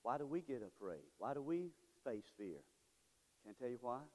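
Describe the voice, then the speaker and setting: A male pastor preaching a sermon with call-and-response, swinging between shouts and low murmurs. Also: sing-song, moderate pace. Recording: long reverb of a large hall.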